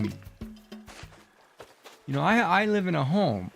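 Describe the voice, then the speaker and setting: A man's voice: high voice, expressive, normal speed, long pauses, fairly bright tone, soft background music. A middle-aged man streaming a game, chatting casually in a rambling, exclamatory way and talking back to the characters on screen. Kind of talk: casual chat while playing.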